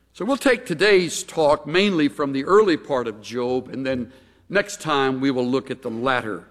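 A man preaches a sermon with a fairly high voice, slow and deliberate. He stresses his points firmly and lets his voice sink low to drive them home. A long reverb from a large hall trails behind each phrase. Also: a bit bright. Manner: measured, emphatic, drops low on key points.

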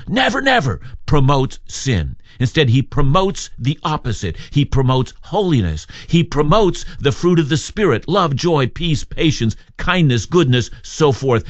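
A man delivering a radio Bible sermon with earnest emphasis, his pitch rising and falling widely as he presses rhetorical questions. The sound is dry and close, with a slightly muffled, lo-fi edge. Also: dry recording.

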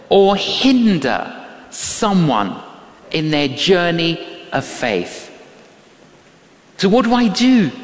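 Emphatic older preacher in an echoey hall. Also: male voice, high-pitched. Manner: emphatic, repeats key phrases, acts out quotes. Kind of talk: sermon with storytelling. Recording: echoey hall with long reverb.

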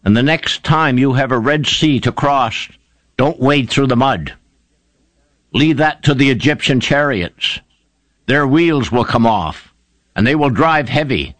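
Fervent, animated male preacher. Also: mid-range voice, measured pace, dry recording. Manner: fervent, emphatic storytelling with rising exclamations. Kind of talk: sermon.

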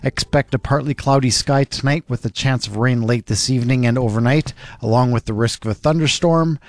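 A man reading a weather forecast and market numbers on the radio, brisk and matter-of-fact. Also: mid-range voice, no room sound, clean studio sound.

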